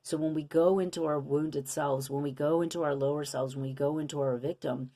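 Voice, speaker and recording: A woman's voice: sits low, steady tone, fairly quick, mellow. A woman giving a casual spiritual card reading to her viewers, earnest and coaching, with many rhetorical questions. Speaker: intuitive card reader.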